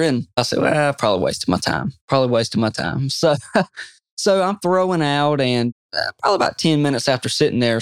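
Excited man telling a fishing story. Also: medium pitch, clean tone, no room sound, clean studio sound. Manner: excited, animated storyteller who quotes himself a lot. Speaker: guest angler. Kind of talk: storytelling in a podcast interview.

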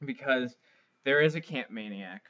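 A man's voice: medium pitch, animated, moderate pace, a bit bright, highs cut off. A young man co-hosting a podcast, rambling through crude camp stories in casual comedic chat. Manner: crude, rambling storyteller with filler words. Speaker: podcast co-host.

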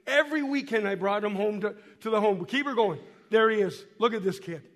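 A missionary guest speaker tells folksy stories to a congregation in a church hall while showing photos, hoarse and coughing from a cold. His high, fairly bright voice moves briskly, repeating and restarting words as he addresses the congregation directly, with a long reverb tail.

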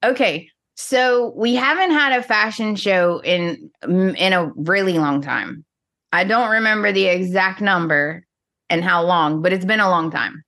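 A woman's voice: on the low side, measured pace, sharp tone. A woman co-hosting a podcast, chatting casually and venting dramatically with playful energy. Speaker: podcast co-host. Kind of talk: casual chat.

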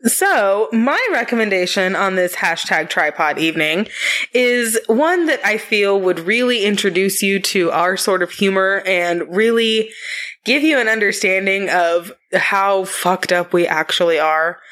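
A woman in her thirties co-hosting a family podcast, telling stories in a casual, animated way and swearing freely. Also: medium pitch. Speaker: podcast co-host. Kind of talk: casual chat.

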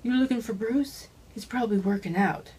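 A woman voicing a breathy, drunk old man over seventy who rambles on in an audiobook reading. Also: on the high side, moderate pace, a little mellow, rough recording. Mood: helpful. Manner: rambling, slurred by drink.

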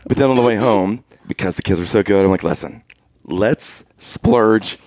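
A man's voice: fairly low pitch, fast talker, darkish tone, no room sound. A man in his thirties co-hosting a podcast, telling funny stories in a self-deprecating way and laughing often. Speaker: podcast co-host. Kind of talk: casual chat, storytelling.

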